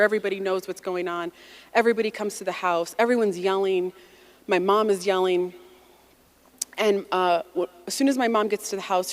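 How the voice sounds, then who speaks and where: A woman in her forties from the United States, telling a personal story to an audience in a lively, conversational way and acting out the quotes. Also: medium pitch.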